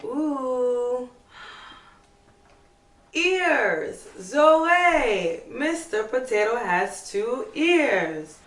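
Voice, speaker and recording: A woman teaching toddlers in a slow, sing-song way, full of coaxing questions. Her voice sits fairly high and swoops around a lot. The sound is echoey, as if in a roomy space. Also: animated, a bit bright, far from the mic. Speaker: preschool teacher.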